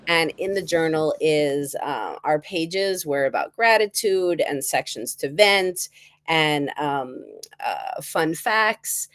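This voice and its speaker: A woman hosting a relaxed group chat, telling family stories with a lot of laughter. Her voice sits a little low. The sound is close and dry. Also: takes it slowly, no room sound. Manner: laughing, animated storyteller. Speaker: host. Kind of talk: casual storytelling chat.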